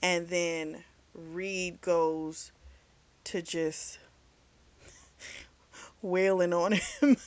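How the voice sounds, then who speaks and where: A young woman talks through a book's plot in a loose, chatty way. She swears freely and leans on fillers. Her voice sits somewhat low. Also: very slow, pauses often. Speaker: book reviewer. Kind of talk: casual book recap.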